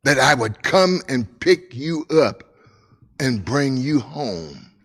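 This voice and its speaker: An older man quoting his worried mother as she softly scolds her sons. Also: mid-range voice, sing-song, takes it slowly, husky, full character voice. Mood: gentle scolding.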